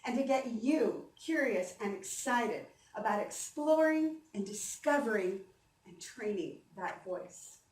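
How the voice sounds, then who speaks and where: A woman's voice: fairly high pitch, lively intonation, a little slow, a little hiss or hum. A woman voice coach giving an upbeat, encouraging talk at a conference, leading the audience through breathing exercises. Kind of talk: presentation on stage. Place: conference hall. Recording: roomy hall sound from a distance, faint ambience.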